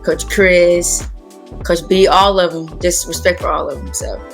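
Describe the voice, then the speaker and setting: A young woman, a high school basketball player, giving short, laid-back answers as an interview guest. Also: fairly even intonation, a little slow, faint music behind. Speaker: guest athlete.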